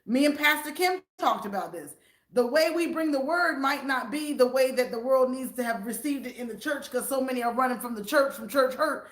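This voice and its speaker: Animated older Southern woman, echoey room. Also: high-pitched, moderate pace. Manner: animated, preachy. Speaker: vlogger. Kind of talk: casual live-stream chat.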